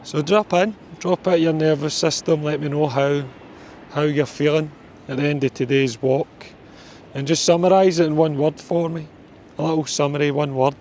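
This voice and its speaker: Gravelly chatty man outdoors. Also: a little high, steady tone, normal speed, a little mellow, a little hiss or hum. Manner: chatty, mild swearing, talks to his dog. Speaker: life coach. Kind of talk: casual walk-and-talk coaching. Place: outdoors on a walk near a street.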